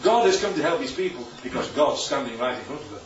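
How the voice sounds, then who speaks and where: Speaking fast and very animated at a medium pitch, a man preaches informally to a congregation in a church hall, often asking "right?" and "isn't that lovely?" during a slide talk. The church recording is roomy, distant and dull, with a little hiss or hum.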